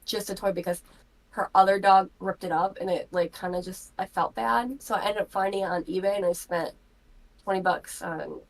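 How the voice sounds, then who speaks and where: A woman's voice: medium pitch, steady tone, moderate pace, poor audio. Woman, podcast co-host, casual chat, giggly, reading texts aloud, lots of fillers. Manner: giggly storytelling, many "like" fillers. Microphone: live podcast mic.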